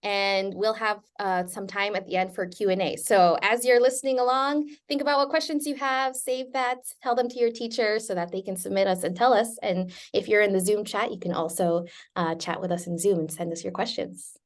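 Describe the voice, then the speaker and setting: A woman's voice: medium pitch, fairly even intonation, a little fast. A woman hosting a live stream, upbeat and welcoming as she introduces a guest over a video call. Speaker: host.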